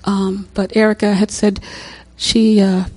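A woman's voice: medium pitch, flat delivery, a little slow, a little mellow. An older woman telling a personal story in a chatty way, often laughing and repeating herself. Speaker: speaker sharing a testimony. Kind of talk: personal story, casual testimony.

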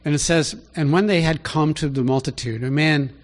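A man delivers a conversational Bible teaching at a moderate pace, posing rhetorical questions and raising his pitch to emphasize key points.

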